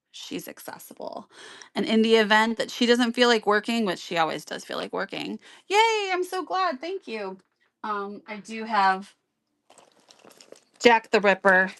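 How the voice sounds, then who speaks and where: A woman's voice: medium pitch, fairly bright tone, smooth, no room sound, studio quality. A woman hosting a casual sewing tutorial on a live stream, chatty and rambling with many ums, greeting viewers by name. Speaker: sewing livestream host.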